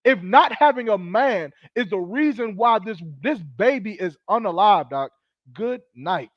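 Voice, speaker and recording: A man's voice: high voice, animated, unhurried, no echo, dull audio. A man hosting a podcast, delivering heated, preachy commentary in a scolding, profane manner. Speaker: podcast host.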